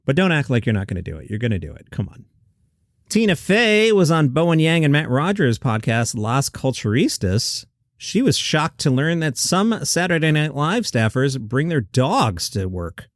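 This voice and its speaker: A man's voice: on the high side, big pitch swings, normal speed, no echo, studio quality. A man hosting a comedy news show, reading headlines and adding sarcastic, incredulous asides. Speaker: host.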